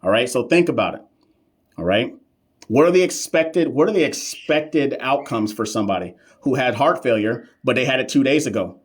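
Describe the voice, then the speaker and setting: Sassy, playful male nursing tutor. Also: medium pitch. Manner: sassy, playful, talks back to chat; slang-heavy, emphatic repetition. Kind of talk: live-stream teaching, chatting with viewers.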